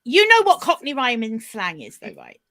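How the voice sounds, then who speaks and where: A woman, a guest on a casual chat podcast, telling stories in a lively, animated way. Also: fairly high pitch, moderate pace.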